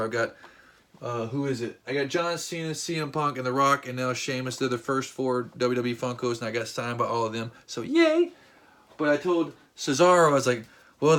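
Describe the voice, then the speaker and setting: A man vlogging a casual, rambling story, excitable, with lots of fillers and restarts. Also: mid-range voice. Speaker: vlogger and wrestling fan.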